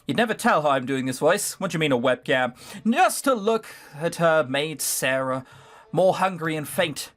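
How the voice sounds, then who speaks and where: A man's voice: on the high side, lively intonation, moderate pace, a bit bright. A man with a slightly raised voice reads a visual novel aloud as a let's play host. He breaks in with sardonic, swearing asides. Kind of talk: reading aloud with commentary.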